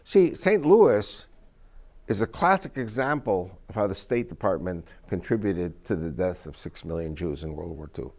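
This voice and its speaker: A man's voice: low voice, animated, moderate pace, darkish tone. Emphatic man lecturing an audience. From United States. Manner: emphatic, quizzes the audience with questions. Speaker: speaker to an audience. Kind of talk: lecture-style storytelling.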